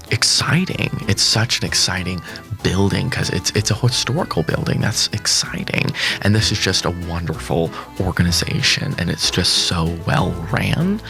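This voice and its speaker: Young man, low creaky voice, upbeat. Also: a bit bright. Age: young adult. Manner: upbeat, laughs often, rambling with fillers. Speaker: guest actor. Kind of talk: casual interview chat. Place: local studio.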